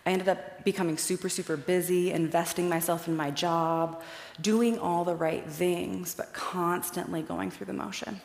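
A woman's voice: lowish voice, fairly even intonation, moderate pace, vocal fry. A young woman from Iowa giving a personal, chatty faith talk in a storytelling way, speaking with slides in a large hall. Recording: echoey hall with long reverb.

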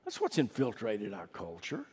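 A man preaching a sermon in a church, swinging from emphatic, drawn-out peaks to low, hushed asides. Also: wildly swooping pitch, breathy edge, in a large hall. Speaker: pastor.

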